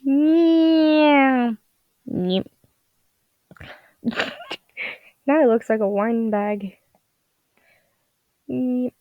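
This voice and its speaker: At night at home, a tired young digital art vlogger draws while rambling, giggling to herself and commenting casually in a groggy state. Her slightly high voice is very slow and pauses often. The recording is dry, made on a dull lo-fi home mic.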